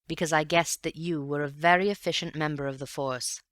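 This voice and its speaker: A woman doing a grave gentleman sleuth. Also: deep voice, steady tone, no echo. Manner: grave, measured, earnest. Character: calm, thoughtful gentleman detective.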